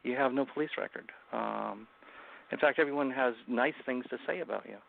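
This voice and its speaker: Gravelly man telling a tense story over a tinny line. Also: mid-range voice, a little fast. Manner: intense, dramatic first-person retelling with acted-out quotes. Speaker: guest author. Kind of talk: recounting a personal story in an interview.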